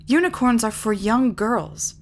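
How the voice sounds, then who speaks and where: A woman's voice: fairly high pitch, very animated, measured pace, a little hiss or hum. A woman reading a proud, moody male magician. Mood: earnest. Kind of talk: audiobook character reading.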